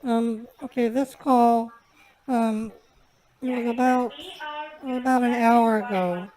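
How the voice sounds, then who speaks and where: A woman scambaiter chatting on a live stream and then making a prank call, talkative and quick to laugh. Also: fairly high pitch, steady tone, mellow, poor audio.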